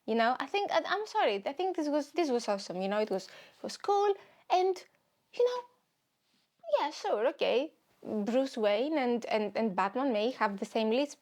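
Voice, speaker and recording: A young woman from Greece with a Greek accent, hosting a comedy podcast in an animated, rambling way. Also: a little high, normal speed. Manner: animated, rambling, stop-start storytelling. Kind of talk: solo comedic podcast monologue.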